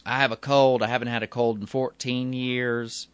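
Odd, earnest stranger, plain and matter-of-fact, as a low-voiced man quotes him. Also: moderate pace, fairly bright tone, dry recording.

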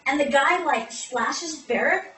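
A chatty woman retelling a fantasy novel with lots of fillers, as if among friends. Her voice is high and bright, and it sounds echoey from a mic set well back in the room. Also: takes it slowly, recorded from a distance. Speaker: podcast co-host. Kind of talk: comic book-club recap.

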